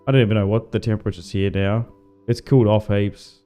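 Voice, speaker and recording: An Australian man casually commentating a strategy game on a livestream, relaxed and chatty, swearing now and then. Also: fairly low pitch, fairly quick, smooth, faint music behind. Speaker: gaming livestreamer.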